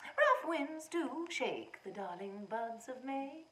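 A woman's voice: high-pitched, big pitch swings, slow, a bit bright, roomy sound, heavily acted. A woman performing a self-important female flamingo puppet who teaches Shakespeare in a children's puppet show, declaiming theatrically.

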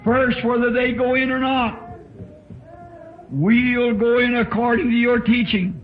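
A man's voice: very high voice, level tone, unhurried, soft background music. A man preaching a sermon in a church, telling his story with fervent emotion. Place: church tabernacle. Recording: dull lo-fi old tape recording.

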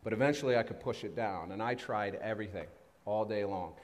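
A man's voice: lowish voice, fairly quick. Man preaching in an echoing hall. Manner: animated storytelling, self-deprecating humor. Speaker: pastor. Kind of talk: sermon. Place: church sanctuary. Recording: long reverb of a church hall.

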